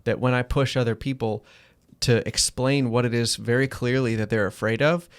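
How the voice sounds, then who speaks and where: A man's voice: mid-range voice, steady tone, normal speed, smooth. A man co-hosting a podcast in casual chat, asking probing questions and musing reflectively. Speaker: podcast co-host.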